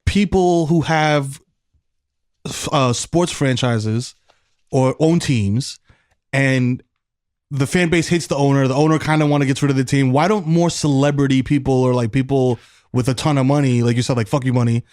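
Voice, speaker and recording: A man's voice: mid-range voice, moderate pace, darkish tone, no room sound, clean studio sound. A man guesting on a podcast, playful and slangy, cracking jokes. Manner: playful, joking, slangy interjections. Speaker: guest, TV show co-host. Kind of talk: casual podcast conversation.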